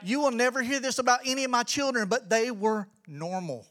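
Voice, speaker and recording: A middle-aged man giving an energetic, preacherly church talk as a children's ministry pastor, rising to emphatic shouts. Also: very high-pitched, fairly quick.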